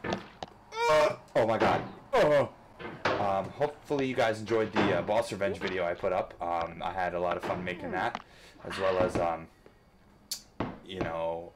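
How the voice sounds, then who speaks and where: A man commentating a rage-inducing game, swearing constantly and switching between frustrated outbursts and coaching himself to calm down. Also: low-pitched, normal speed, noisy background. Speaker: gamer. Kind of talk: let's play commentary.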